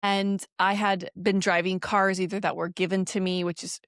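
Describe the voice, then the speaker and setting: Woman in her forties, podcast co-host, lively storyteller, laughs a lot, acts out dialogue, dry close mic. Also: mid-range voice, normal speed, clear, resonant tone, no echo. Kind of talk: casual chat.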